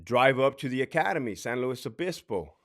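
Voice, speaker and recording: A man telling a personal story in a casual, emotional, halting way, repeating phrases and sighing. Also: medium pitch, expressive, fairly bright tone.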